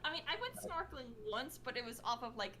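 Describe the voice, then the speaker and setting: A woman in casual chat, expressive and giggly, often groaning in disgust. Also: high-pitched, fast talker, slight background noise. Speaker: stream co-host.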